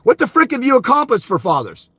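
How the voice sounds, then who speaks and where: A man's voice: extremely high pitch, huge pitch swings, fast talker, fairly bright tone, slightly rough, no room sound. A man ranting on a livestream, heated and profane, scolding his critics. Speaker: fathers' rights advocate streaming live. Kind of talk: angry livestream rant.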